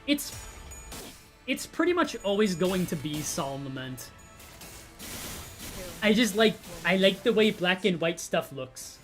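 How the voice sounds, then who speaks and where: A man's voice: high voice, very animated, unhurried, long pauses. A man streamer chatting casually, reading chat aloud and joking. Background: faint music.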